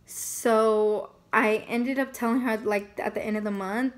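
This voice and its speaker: A woman's voice: on the high side, steady tone, normal speed. Chatty young woman telling a story. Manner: chatty, many fillers like "like" and "you know". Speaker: family vlogger. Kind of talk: casual storytelling.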